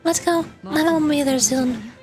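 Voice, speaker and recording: High-voiced woman streamer reading game lines. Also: a little slow. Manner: reads all characters' lines with casual asides. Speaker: vtuber streamer. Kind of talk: reading game dialogue aloud while playing. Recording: game music behind the voice.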